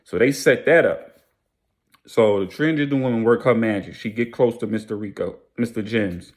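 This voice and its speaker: A man's voice: lowish voice, normal speed. A man narrating a story casually, in a slangy, loose, rambling way.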